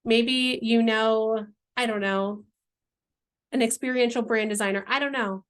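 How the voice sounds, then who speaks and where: A woman's voice: on the high side, fairly even intonation, measured pace. A woman, earnestly describing her business dream in a heartfelt, rambling vlog, searching for words and near tears at times. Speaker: entrepreneur presenting her brand vision. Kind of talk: emotional, heartfelt vlog pitch.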